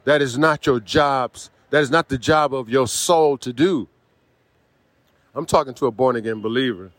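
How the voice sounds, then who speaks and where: A man's voice: mid-range voice, moderate pace, a bit bright, no room sound. A man preaching a sermon, speaking emphatically, repeating key phrases and dropping in a frequent "see".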